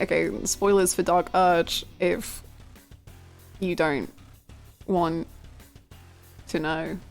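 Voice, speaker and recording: A woman game streamer chatting casually with viewers, laughing often and swearing freely. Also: medium pitch.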